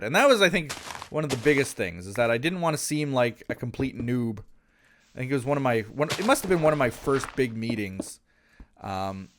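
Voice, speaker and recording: A man's voice: medium pitch, slight background noise. A man from Canada, telling a casual anecdote in a rambling way, with many restarts and asides. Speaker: gaming channel host.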